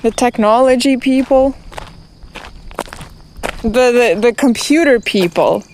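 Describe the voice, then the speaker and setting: A woman's voice: a little high, takes it slowly, a little mellow, a little hiss or hum. A woman streamer ranting, exasperated and profane, rambling along with many restarts. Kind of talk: ranting to camera.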